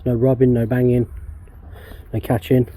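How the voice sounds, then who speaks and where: A man's voice: medium pitch, level tone, normal speed, dark tone, slight background noise. An English man vlogging casually while working on his van outdoors, rambling and swearing often in a laid-back way. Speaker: DIY van customizer vlogger.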